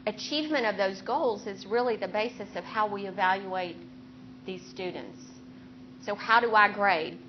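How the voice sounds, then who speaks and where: A woman neurosurgeon giving a faculty lecture on clinical teaching, explaining her approach in an earnest, steady way with personal anecdotes. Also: mid-range voice, moderate pace, dull audio, noisy background.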